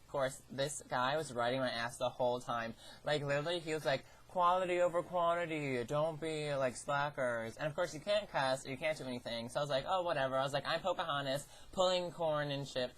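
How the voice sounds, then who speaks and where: A woman's voice: rumbling low, fast, few pauses, a little hiss or hum. Teen girl ranting about her day, chatty, swears a bunch, does little voices for people. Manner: chatty, swears a lot, acts out quoted lines. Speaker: vlogger. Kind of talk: casual storytelling.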